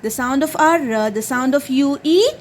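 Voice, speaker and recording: A woman's voice: high-pitched, unhurried, a little hiss or hum. A woman drilling her young child on phonics, patiently spelling out letters one by one and praising each answer.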